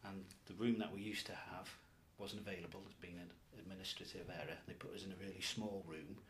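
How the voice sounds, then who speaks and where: A man's voice: low voice, fairly even intonation, quick pace, fairly bright tone, a little hiss or hum. A man teacher telling an amusing anecdote in an interview.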